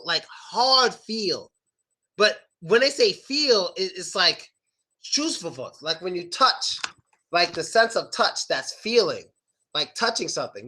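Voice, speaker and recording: A young man teaching pronunciation in a loose, chatty way, stretching out sample words to show how they sound. His voice sits a little high and swings up and down a lot as he demonstrates. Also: sharp tone. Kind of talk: casual online lesson.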